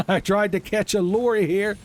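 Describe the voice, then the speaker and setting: A man doing a deliberately bad, exaggerated British accent as a rowdy young bloke. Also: high voice, fairly even intonation, a little hiss or hum, pitched above the performer's own voice. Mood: mocking. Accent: put-on cockney British.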